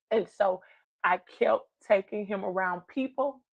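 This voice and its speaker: A woman's voice: mid-range voice, a little slow, creaky, husky, dry recording, phone-quality sound. A woman giving a heartfelt personal testimony, earnest and encouraging as she tells a story. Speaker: guest speaker.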